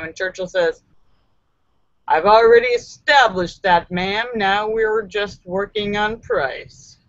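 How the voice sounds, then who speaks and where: A woman's voice: mid-range voice, measured pace, fairly bright tone, no echo, lo-fi sound. A woman hosting a live stream, reading jokes aloud with playful comic asides. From United States.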